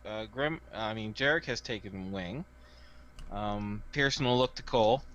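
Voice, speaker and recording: Bright, chatty tabletop player man. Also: on the low side, unhurried. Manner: chatty, seeking agreement. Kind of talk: casual tabletop role-play. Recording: dull lo-fi voice chat.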